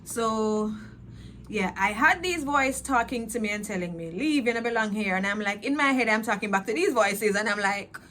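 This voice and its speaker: A woman's voice: mid-range voice, lively intonation, normal speed, sharp tone, a little hiss or hum. A woman telling her personal faith testimony, earnest and repetitive, slipping into patois. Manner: earnest, repetitive, emotional retelling. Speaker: testimony speaker.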